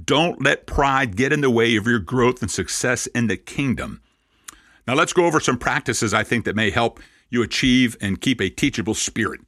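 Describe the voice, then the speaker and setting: The sermon comes from a Messianic rabbi in his sixties who mixes vivid anecdotes with dry humor aimed at himself. He talks at normal speed and medium pitch, and there's no echo.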